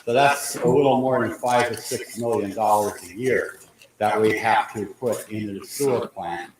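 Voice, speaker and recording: Man, local official type, measured public-meeting delivery; echoey room, faint noise. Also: fairly low pitch.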